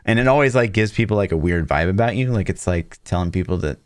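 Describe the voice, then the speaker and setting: A laid-back man with a lowish voice chats on a gaming podcast. He leans on filler words and blunt swearing, and his voice sounds dry and close to the mic. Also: expressive, fast, clean tone, no echo. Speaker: podcast co-host. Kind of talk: casual gaming podcast chat.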